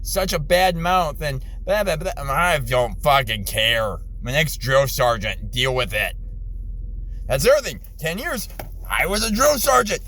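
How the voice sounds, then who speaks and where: A middle-aged man, an army veteran, in an angry, profane rant from his car, exasperated, his voice jumping high when he yells. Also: lively intonation, a little slow, a little hiss or hum, rough recording. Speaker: ranting vlogger, army veteran.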